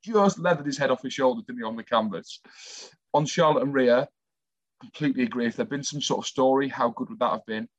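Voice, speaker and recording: A chatty man co-hosting a talk show, telling stories with plenty of enthusiasm. His voice is middle-pitched. The recording is dry and slightly muffled. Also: a little fast, no room sound. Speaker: co-host, former athlete. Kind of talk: casual chat. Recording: dry, slightly dull sound.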